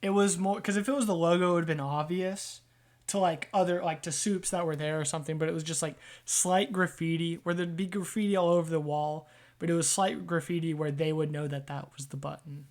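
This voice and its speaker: A man's voice: on the high side, steady tone, a little fast. A man narrating as game master of a tabletop game, explaining in a loose, casual way.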